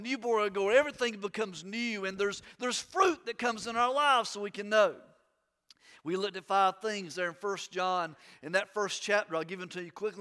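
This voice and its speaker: A man's voice: sits high, bright, forceful tone, big-room sound. A middle-aged pastor, a man, preaching an emphatic, fervent sermon with much repetition in a church. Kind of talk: sermon with opening prayer. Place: church sanctuary.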